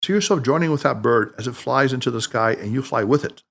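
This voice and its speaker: A man's voice: quick pace, creaky, a bit bright. A man voicing a wise, playful older male mentor who teases and speaks emphatically. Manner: emphatic, teasing, booming laughter.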